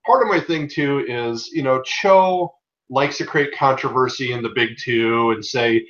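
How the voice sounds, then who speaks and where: A man's voice: medium pitch, normal speed, fairly bright tone, highs cut off. A man chatting casually in a laid-back way, trailing off as he talks. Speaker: podcast co-host. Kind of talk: casual chat.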